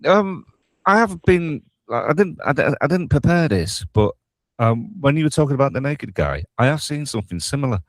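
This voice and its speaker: A man hosting a casual chat, telling a story in a relaxed, hesitant way. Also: mid-range voice, moderate pace, dry recording.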